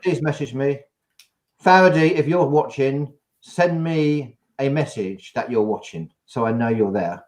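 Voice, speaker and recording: A man's voice: medium pitch, measured pace, a little mellow. A man with an English accent hosting a live video chat in a chatty, jokey way, laughing often. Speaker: show host. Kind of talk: casual live-stream chat.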